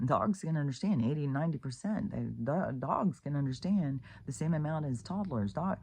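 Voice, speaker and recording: A woman's voice: sits low, expressive, moderate pace, warm tone, slight background noise. Woman ranting profanely in a casual vlog. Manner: rambling, profane, many fillers and restarts; incredulous, exclaiming in disbelief. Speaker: vlogger. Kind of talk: casual spoken rant.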